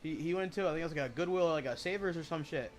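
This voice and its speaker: A man's voice: fairly high pitch, very fast, faint music behind. A man chatting casually while he streams a video game, rambling and swearing as he retells stories.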